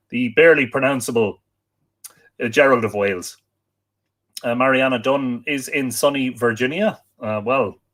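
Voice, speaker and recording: A man's voice: mid-range voice, fairly bright tone. An Irish man hosting a live online show, chatting casually and reading out greetings from viewers. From Ireland. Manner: chatty, reads out viewer comments. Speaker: livestream host. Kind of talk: casual livestream chat.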